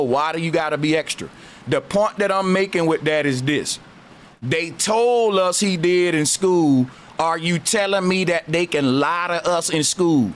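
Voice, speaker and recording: A man with a Southern US accent, hosting a call-in debate, talking slowly and arguing hard. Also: a little high. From Southern United States. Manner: slow, drawling, argumentative. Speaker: host.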